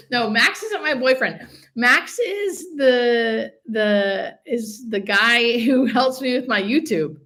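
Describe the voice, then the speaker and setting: A woman's voice: mid-range voice, fairly bright tone. A woman, a hospice nurse, hosting a casual live stream, chatting and reading out viewer comments.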